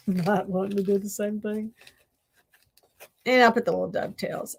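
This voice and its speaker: A woman's voice: mid-range voice, steady tone, a little slow, creaky, husky. A woman chatting to her viewers while she crafts, talking to herself and laughing often. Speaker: crafting vlogger. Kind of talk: casual crafting chat to viewers.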